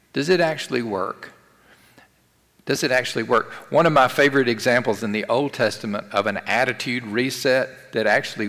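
A man's voice: mid-range voice, a bit bright. Man preaching in a long-reverb hall. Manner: conversational preaching, rhetorical questions and emphatic repetition. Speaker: pastor. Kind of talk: sermon.

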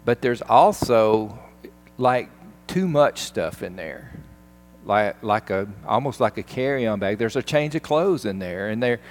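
Man preaching with animated storytelling. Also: on the low side, a little slow, faint music behind. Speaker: pastor. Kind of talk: sermon.

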